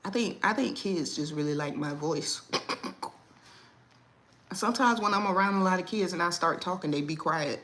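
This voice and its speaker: Lively woman chatting on a livestream. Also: fairly low pitch, normal speed, pauses often. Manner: animated, laughs often, slangy. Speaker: livestream host. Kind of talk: casual livestream chat.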